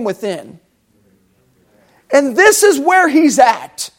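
A man preaching a sermon, animated and talking directly with his congregation. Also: extremely high pitch, moderate pace. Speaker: pastor.

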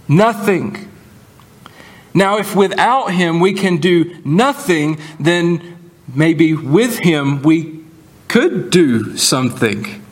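A man preaching a sermon as pastor, earnest and deliberate, slowing down to stress key words. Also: high-pitched.

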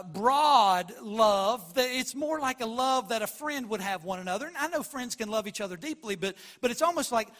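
A man preaching a sermon, swinging between loud emphatic lines and quiet murmurs, and acting out Bible dialogue. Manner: preaching with big swings in loudness, from near-shouts to low murmurs; acts out Bible dialogue in quoted voices. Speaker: pastor.

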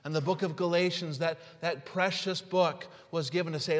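A man preaching a sermon, telling stories and swinging from hushed words to shouting. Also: on the high side, steady tone, normal speed, few pauses, a little hiss or hum. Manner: storytelling with illustrations. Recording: long hall reverb.

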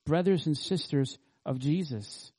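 A man's voice: a little high, a little slow, dark tone. A man pastor preaching an expository sermon, earnestly teaching and asking the congregation rhetorical questions.

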